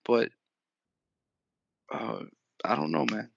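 A man's voice: mid-range voice, wildly swooping pitch, takes it slowly, creaky, no room sound, muffled recording. A man co-hosting a small podcast, talking hesitantly with stumbling restarts and the odd swear word. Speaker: podcast co-host. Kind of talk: casual podcast chat.

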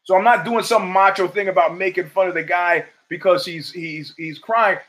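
An older man hosting his own show, talking in a rambling, profane, animated monologue full of stories. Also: sits high, normal speed. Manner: profane, rambling, animated storytelling with acted quotes. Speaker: podcast host. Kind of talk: casual monologue.

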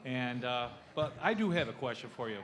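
A man's voice: mid-range voice, animated, fairly quick. A middle-aged man, a fan at a live show, asking a rambling question with many hesitations.

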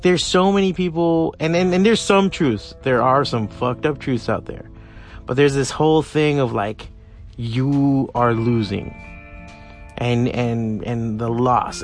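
A man's voice: mid-range voice, gravelly. A man hosting a solo podcast in a casual, rambling rant, swearing freely and climbing to heated emphasis. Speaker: podcast host.

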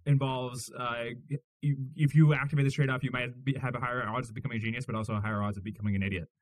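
A man's voice: medium pitch, level tone, no room sound. Stammering male podcast host, dry sound. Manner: halting, stammering as he forms questions. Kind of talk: interviewing, casual chat.

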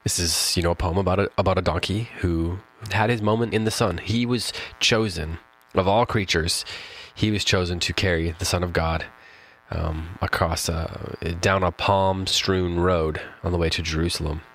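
A man with a low, fairly bright voice hosts a poetry podcast, discussing a poem in a relaxed, reflective way with fillers and restarts and reading it slowly aloud. He keeps a steady tone at a moderate pace, on a low-quality recording.

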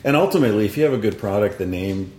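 A man hosting an interview, talking in a relaxed way, affirming his guests and telling anecdotes. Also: on the low side, very fast, reverberant. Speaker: interview host. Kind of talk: casual interview talk.

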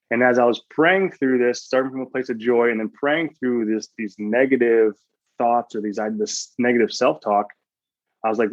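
A man in a podcast interview, telling a personal story earnestly and often restarting mid-sentence. His voice sits at an ordinary pitch. The recording is a little muffled and very dry. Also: fairly even intonation, fairly quick, dry recording. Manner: earnest storytelling, quoting his own thoughts, frequent restarts. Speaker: guest, sports chaplain.

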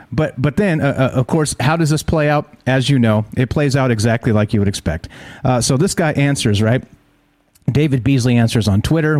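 A man's voice: mid-range voice, darkish tone, dry recording. Fired-up man ranting about the news. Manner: heated, profane, rhetorical questions. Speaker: host.

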